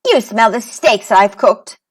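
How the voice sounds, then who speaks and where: A woman's voice: fairly high pitch, lively intonation, takes it slowly, breathy edge, full character voice. A woman voicing a stern but kindly giant's wife in a children's storybook reading, scolding and matter-of-fact.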